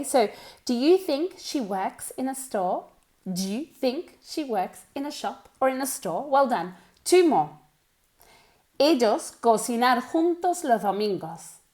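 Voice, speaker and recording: A cheerful woman with a fairly high, darkish voice gives a bilingual English lesson on pronunciation. She is encouraging, drilling sounds slowly and repeating words.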